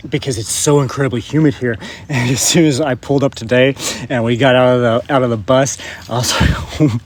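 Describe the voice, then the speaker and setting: A man's voice: medium pitch, steady tone, a little fast. Rambling man vlogging outdoors. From West Texas. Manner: rambling and emphatic, urging viewers. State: slightly hoarse. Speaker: spiritual vlogger. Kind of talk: casual vlog with spiritual advice. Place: outdoors in an open field.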